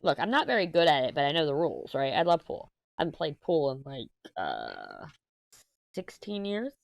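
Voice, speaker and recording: A woman in her thirties with a fairly low voice, telling a long family story in an easygoing, wandering way. She chats casually while working on a diamond painting, often stopping to correct herself mid-sentence. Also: huge pitch swings, normal speed, creaky, no room sound. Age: 30s. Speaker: crafting channel host.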